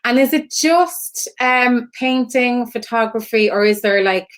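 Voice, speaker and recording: A woman's voice: on the high side, unhurried. Curious woman hosting a live chat. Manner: interested, prompting questions. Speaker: host. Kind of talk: casual live-stream chat.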